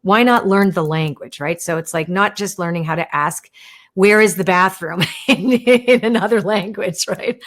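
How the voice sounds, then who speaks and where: A woman with a medium-pitched voice hosts a live stream, talking at normal speed with few pauses. She chats while answering viewer questions about oracle cards, explaining gently and saying "right?" and "you wanna" a lot.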